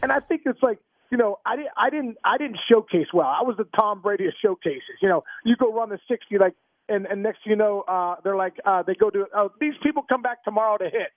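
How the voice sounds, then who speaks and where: Male guest, high voice, phone-line quality, eager stammering storyteller. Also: fairly quick, no echo. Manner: animated, restarts and stammers, laughs through stories. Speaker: guest, former pro ballplayer. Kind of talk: casual storytelling interview. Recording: tinny phone-line sound, dry.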